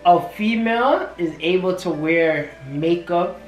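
A man's voice: sits high, unhurried. A young man co-hosting a vlog, casually asking curious questions while he gets a facial at home. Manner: curious, asks lots of questions. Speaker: vlog co-host receiving a facial. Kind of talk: casual chat. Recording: echoey room, faint music.

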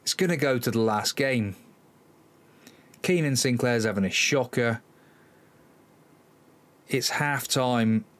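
A man's voice: medium pitch, slow pace, pauses often, a bit bright. A man hosting a football management let's-play, commenting live on the match, exasperated and sighing, talking to his players. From Cornwall, England.

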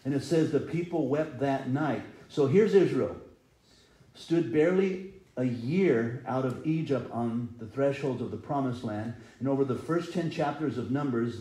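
A man's voice: medium pitch, mellow, reverberant, low-quality recording. A middle-aged man preaching a sermon earnestly, sometimes acting out people's cries. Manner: earnest, rises and falls in intensity, acts out quoted cries. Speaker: pastor. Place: church sanctuary.

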